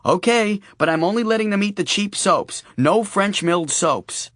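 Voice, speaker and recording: A man's voice: sits high, expressive, normal speed, a bit bright, no room sound, pitched above the performer's own voice. A male narrator voicing a brash adult woman who talks bluntly and swears, with a dry close recording. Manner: brusque, teasing and swearing.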